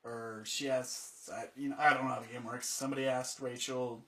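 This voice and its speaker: Bright-voiced man telling a story. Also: mid-range voice, brisk. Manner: animated storytelling, acting out quotes. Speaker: podcast guest. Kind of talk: casual chat.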